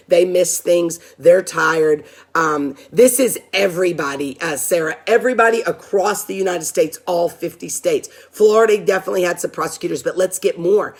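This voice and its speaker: A woman advocate hosting a live stream, speaking in an urgent, fired-up way as she repeats herself and rallies her viewers as "you guys". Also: lowish voice.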